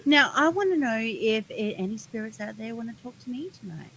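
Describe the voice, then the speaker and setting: Soft-spoken Australian woman. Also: a little high, expressive, brisk, slight background noise, poor audio. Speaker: caller.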